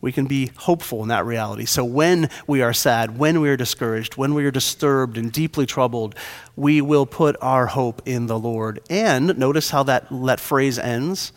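A man preaching a sermon as pastor, earnest and repeating key phrases for emphasis. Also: medium pitch. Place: church sanctuary. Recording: long hall reverb.

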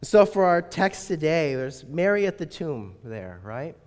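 Guy preaching a sermon, kinda high voice, chatty and wry, big echoey church. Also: big pitch swings, measured pace. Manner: conversational, wry, uses rhetorical questions. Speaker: pastor. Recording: reverberant hall.

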